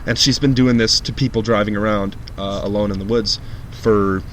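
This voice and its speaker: A man telling a spooky story in casual podcast chat, jokey and animated, dropping his voice low for the eerie parts. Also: normal speed, slight background noise.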